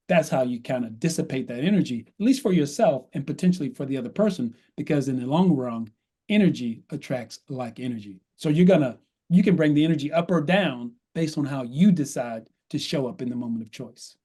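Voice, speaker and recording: A man's voice: mid-range voice, moderate pace, dark tone, slightly rough. A man who is a guest on a podcast, explaining workplace advice in numbered steps and often checking in with "right?". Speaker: guest coach on workplace conversations.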